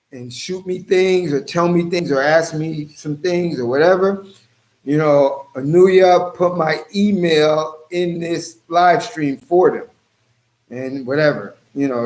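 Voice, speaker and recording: A man's voice: a little high, darkish tone. Joking man hosting a livestream. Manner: loose, joking, talks to viewers by name. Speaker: livestream host. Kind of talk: casual livestream chat.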